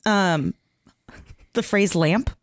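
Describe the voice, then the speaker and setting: Lower-voiced giggly woman podcast co-host. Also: extremely slow, no echo, clean studio sound. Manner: self-deprecating, giggly storyteller. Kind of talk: casual chat.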